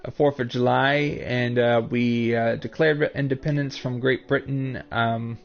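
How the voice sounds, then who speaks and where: An American man with a Northern US accent chats with his viewers during a live stream, his voice sitting at an ordinary middle pitch. He rambles and halts, circling back and restarting his sentences. The sound is dull and lo-fi, like a cheap stream mic. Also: steady tone, gravelly. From United States. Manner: rambling and halting, full of restarts.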